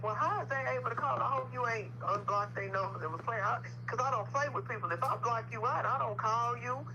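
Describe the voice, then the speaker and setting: A woman chatting casually on a livestream, telling a long story in a firm, insistent way. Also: mid-range voice. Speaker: livestream co-host. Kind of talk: casual chat. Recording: dull lo-fi sound with clear noise.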